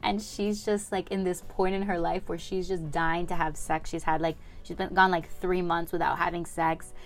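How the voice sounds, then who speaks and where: A woman's voice: lowish voice, level tone, normal speed, soft background music. A young woman hosting her own podcast, chatting casually and upbeat with lots of fillers. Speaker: podcast host. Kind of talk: casual solo podcast chat.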